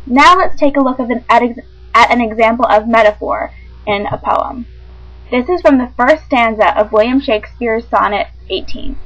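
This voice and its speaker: A woman reading a lesson on literary devices aloud, measured and clear, with small slips in her phrasing. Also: on the high side, a bit bright, low-quality recording. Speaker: teacher.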